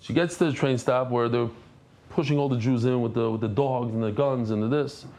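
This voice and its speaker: A man teaching a daily Talmud class, reading the Aramaic text and explaining it in English, switching to softer storytelling. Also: medium pitch, fairly quick.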